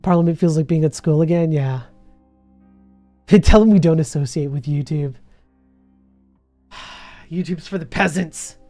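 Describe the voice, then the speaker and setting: A man's voice: on the high side, measured pace, pauses often, warm tone, no room sound, faint music behind. A man, chatting casually on a live stream and reading viewer messages, laughing often, his voice a bit worn from hours of talking. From Canada.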